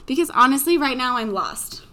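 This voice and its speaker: A woman co-hosting a casual book podcast who talks in an animated way, laughs often and swears casually. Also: high-pitched, normal speed, over a noisy crowd. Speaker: podcast co-host. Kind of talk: casual chat.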